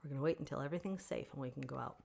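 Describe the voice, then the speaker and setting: A woman hosting a casual livestream Q&A for fans, answering viewer comments in an animated, opinionated way and laughing often. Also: very deep voice, very fast, gravelly. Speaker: author hosting a fan Q&A stream.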